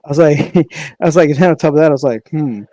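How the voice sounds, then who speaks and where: Young male podcast co-host, raised voice, lively storyteller, curses often, dry sound. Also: on the high side, quick pace, dry recording. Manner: animated, swears freely, laughs often, acts out quoted voices. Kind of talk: casual storytelling chat.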